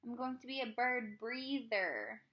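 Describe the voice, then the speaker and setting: A woman's voice: a little high, animated, a little slow, pushed and bright, voice pushed up. A woman reading as a curious, stubborn little boy. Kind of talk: reading a children's book aloud.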